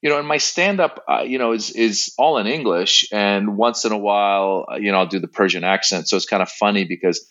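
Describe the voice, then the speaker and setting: Deep-voiced American man, chatty guest. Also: brisk, few pauses, a bit bright, highs cut off. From Iran. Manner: chatty, rambling with restarts and asides. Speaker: interview guest, comedian. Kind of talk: casual interview conversation.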